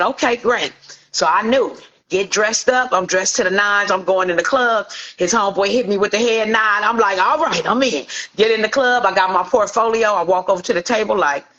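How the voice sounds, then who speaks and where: A middle-aged woman from Inglewood, California, a celebrity hairstylist telling an animated story and acting out the voices of the people in it. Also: medium pitch, highs cut off. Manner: acts out quoted voices, lively anecdotal.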